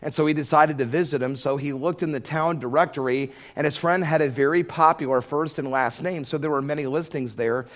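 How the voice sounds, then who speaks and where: A man's voice: on the high side, steady tone, fairly quick, few pauses. A middle-aged man preaching a sermon, telling a folksy story and rising to fervent emphasis on prayer. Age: middle-aged or older.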